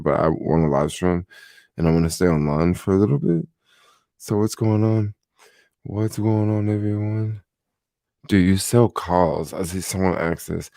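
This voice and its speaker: A tired young man hosting a casual late-night livestream, rambling and relaxed with many fillers, talking into a desk microphone at home. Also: low-pitched, moderate pace, gravelly, no echo, clean studio sound. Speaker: livestream host. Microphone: desk microphone without headphones.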